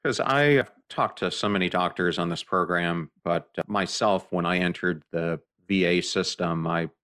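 A man hosting a podcast interview, asking earnest, deliberate questions. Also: low-pitched, fairly bright tone. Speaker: podcast host.

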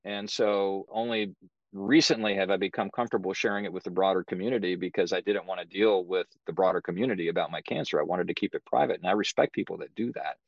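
A middle-aged man speaking as a podcast guest, telling his story in a measured, matter-of-fact way. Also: low-pitched, creaky, no room sound, dull audio. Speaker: guest, author. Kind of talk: podcast interview.

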